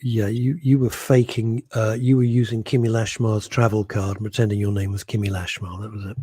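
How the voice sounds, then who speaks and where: A man co-hosting a radio show, chatting casually in a jokey, animated way with frequent laughs. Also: on the low side, brisk, husky, no room sound. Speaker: radio co-host. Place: radio studio.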